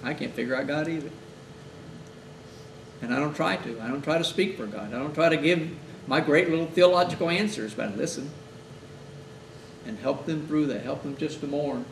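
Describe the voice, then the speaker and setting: A man's voice: fairly high pitch, normal speed, gravelly, long pauses. A male hospital chaplain instructor giving a conversational lecture, telling stories and acting out what families say. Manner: animated storytelling, acting out families' words. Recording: echoey room, mic at a distance, faint hiss.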